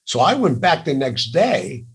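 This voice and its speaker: An older man with a raspy voice, telling lively jokey stories as an interview guest. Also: mid-range voice, unhurried. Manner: animated, jokey, laughs through stories. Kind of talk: storytelling in a casual interview.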